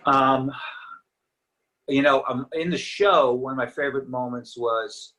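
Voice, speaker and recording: A man's voice: medium pitch, a little slow, pushed and bright, poor audio. A middle-aged actor chatting as a guest in a casual interview, easygoing and reminiscing, his voice a little tired from talking. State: slightly tired voice.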